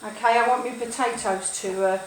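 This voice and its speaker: A woman's voice: on the high side, steady tone, a little fast, slight background noise. Chatty older woman telling stories over sizzling pan. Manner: gossipy, rambling, mixes up sayings. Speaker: cooking vlogger. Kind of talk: chatty storytelling while cooking. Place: home kitchen, food sizzling. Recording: echoey kitchen with loud frying.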